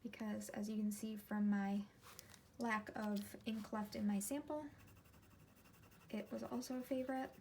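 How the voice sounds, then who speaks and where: Swatching inks at her home desk, this ink-collecting vlogger in her thirties chats and meanders, frequently breaking off partway through a thought. She speaks at medium pitch with fairly even intonation and a measured pace, pausing often over a noisy background.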